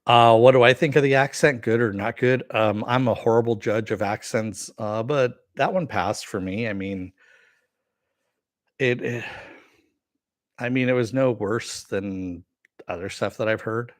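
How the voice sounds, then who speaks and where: A middle-aged man hosting a live-stream review, chatting casually and answering viewer comments with many fillers and pauses. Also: mid-range voice, no room sound, studio quality. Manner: rambling, with frequent fillers and throat clearing.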